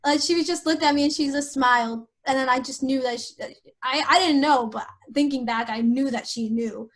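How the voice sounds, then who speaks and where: A young woman on a podcast, telling a painful personal story in an emotional, halting way with many fillers. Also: high voice. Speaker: podcast host.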